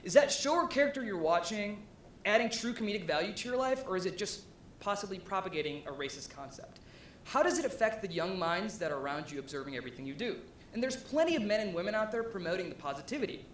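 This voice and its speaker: Speaking at a quick pace, a young adult presenter from Ohio with a fairly high voice delivers a casual live talk at an event venue. His speech is full of ums, likes, and rising asides, and the space has a noticeable echo with a faint rumble beneath.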